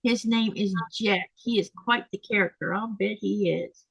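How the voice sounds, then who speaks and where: A woman's voice: mid-range voice, moderate pace, vocal fry, husky, no room sound, low-quality recording. A woman hosting a live sewing stream, tired and yawning, chatting casually as she reads viewer comments aloud and answers them.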